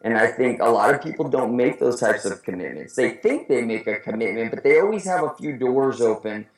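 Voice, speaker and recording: Guy guest talking earnest and halting, lots of restarts, roomy echo. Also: mid-range voice, lively intonation. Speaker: guest speaker. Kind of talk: casual interview talk.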